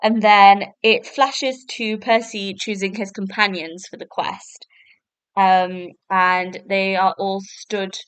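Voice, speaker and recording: A woman's voice: medium pitch, steady tone, takes it slowly, fairly bright tone, clear, resonant tone, no echo. A woman hosting a podcast, talking through a review in a rambling, casual way full of fillers. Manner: chatty, rambling, lots of fillers like "so basically" and "like". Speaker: podcast host. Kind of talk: casual solo review chat.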